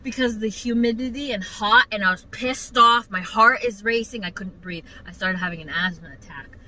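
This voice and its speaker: A young woman vlogger telling a work story to her mother in casual, animated, profane talk. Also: mid-range voice, moderate pace, poor audio.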